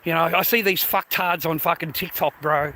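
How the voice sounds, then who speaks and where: A man's voice: a little high, steady tone, normal speed, bright, forceful tone, slight background noise. Swearing Australian man ranting. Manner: blunt, heavy swearing, grumbling. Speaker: livestreamer. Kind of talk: profane casual rant.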